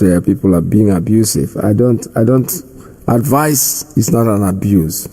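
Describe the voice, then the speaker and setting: A man's voice: lowish voice, creaky, dark tone. A man hosting a radio call-in show, talking firmly and conversationally as he lectures callers. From Nigeria.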